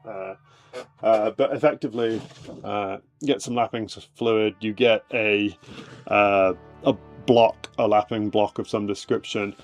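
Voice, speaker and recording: A man with a lowish, steady voice speaks a little slowly over soft background music, live-streaming from his shed about how he prepares fossils. His talk is loose and filler-heavy, and he drifts in and out as he moves away from the desk microphone.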